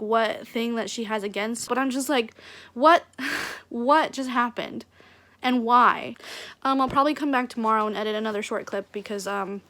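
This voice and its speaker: Rambling young woman vlogging, slightly high. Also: fairly bright tone. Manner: rambling, many fillers, venting. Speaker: book vlogger. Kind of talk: casual vlog chat.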